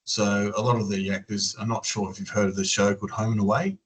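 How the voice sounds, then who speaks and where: An Australian man with a slightly low voice talks in a relaxed, rambling way, piling up ums and restarts. He answers questions over a video call. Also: fast talker, rough recording. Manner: rambling, many fillers and restarts. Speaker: interviewee. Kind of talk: casual interview chat.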